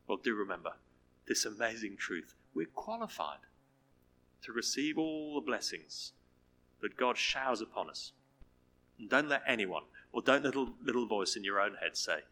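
Lively preacher, bright tone. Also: male voice, medium pitch, in a large hall. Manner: lively storytelling, drops to soft close. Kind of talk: sermon.

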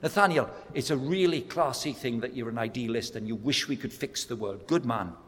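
A man preaching a sermon, telling stories with acted-out voices and building to loud, emphatic peaks. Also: medium pitch, brisk, a little hiss or hum. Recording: echoey hall sound.

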